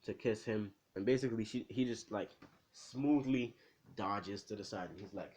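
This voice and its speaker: A man casually improvising a fan story, rambling with fillers and asides to the listener, in a low voice. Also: moderate pace, darkish tone.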